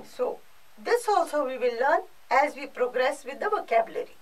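A woman's voice: high-pitched, big pitch swings, moderate pace, recorded from a distance, poor audio. A female French teacher with an Indian English accent, giving a recorded class lesson and explaining patiently with lots of repetition.

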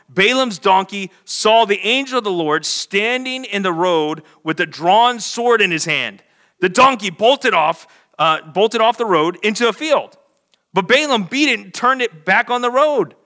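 A young adult man preaching a lively sermon, telling a story with big energy and acting out the voices in quotes. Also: high voice. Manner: animated, acts out voices in quotes. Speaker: pastor.

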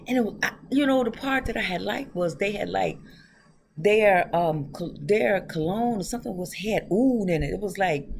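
A woman's voice: mid-range voice, animated, normal speed, gravelly, a little mellow. A woman reading tarot on her own channel, chatting loosely and talking straight to her viewers with frequent laughs. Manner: laughs often. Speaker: tarot reader. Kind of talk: casual tarot reading vlog.

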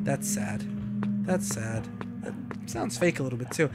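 A man's voice: on the high side, measured pace, long pauses, faint music behind. A young man streaming a game, joking and putting on voices for its characters. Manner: animated, jokey, puts on voices for game characters. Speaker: gaming streamer. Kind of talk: playing a game, voicing its characters.

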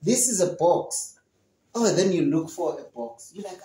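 An English teacher giving an online lesson to young children, slowly repeating and drilling questions and answers. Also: mid-range voice, animated, mellow, roomy sound, low-quality recording.

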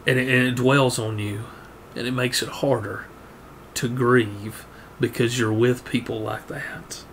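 A man preaching a sermon, earnest, often repeating words and rising in pitch to press a point. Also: steady tone, a little slow, a bit bright, a little hiss or hum.

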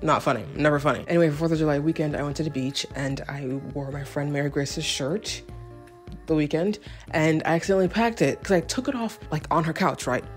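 A woman's voice: low voice, a little fast, soft background music. Rambling jokey young woman vlogger. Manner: rambling, self-deprecating, jokey asides. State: out of breath. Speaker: fashion vlogger. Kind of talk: casual chatty vlog.

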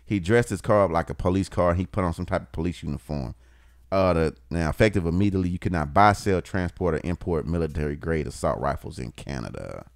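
A man's voice: low-pitched, fast talker, no echo, clean studio sound. A man co-hosting a podcast, chatting casually and teasing his co-host with a laid-back manner. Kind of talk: casual chat.

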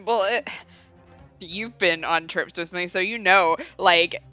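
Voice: medium pitch, takes it slowly, bright, forceful tone, soft background music. A player chatting casually in a rambling way, laughing often during a game playthrough.

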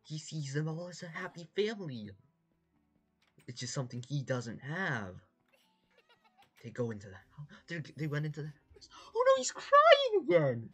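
Gasping, jumpy reaction host with a wildly swinging voice and a breathy edge; faint music in the background. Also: medium pitch, moderate pace, long pauses. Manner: excitable, gasping, repeating words in panic. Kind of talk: reacting to animations.

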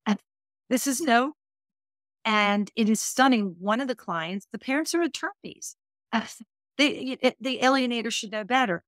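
A woman's voice: fairly high pitch, animated, normal speed, a bit bright, dry recording, clean studio sound. A woman speaking as a divorce coach guest on a podcast interview, earnest and emphatic, stacking her points in lists.

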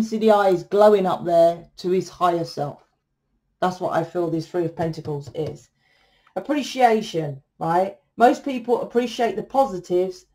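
A woman's voice: fairly low pitch, warm tone. A woman giving a casual tarot reading to camera. She talks bluntly, swears freely and keeps tagging her points with "right?". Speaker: tarot reader.

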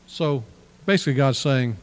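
A male pastor preaching a sermon in a church, reading scripture aloud and then explaining it in plain words. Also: medium pitch. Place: church sanctuary.

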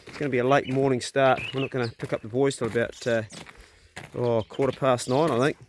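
Outdoors on his rural land, a middle-aged hunter films a casual vlog on his phone, easygoing and blunt with some mild swearing. His mid-range voice is steady and fairly quick, and he often raises it to coax his dogs. A little hiss or hum sits under the audio.

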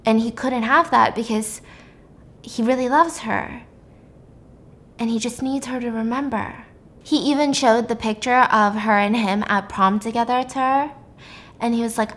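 A woman's voice: on the high side, moderate pace. Chatty young woman recapping a film. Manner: chatty, animated storytelling with frequent fillers. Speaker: YouTuber.

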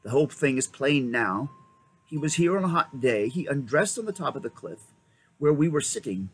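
A man reading aloud and voicing a bold, quick-thinking schoolboy who speaks urgently and emphatically. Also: medium pitch, lively intonation, slight background noise, natural voice.

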